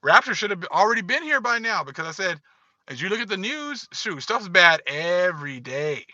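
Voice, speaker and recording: A man's voice: sits high, big pitch swings, moderate pace, sharp tone, dry recording, dull audio. A man giving casual livestream commentary, emphatic and repetitive, talking straight to his viewers. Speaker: online commentator.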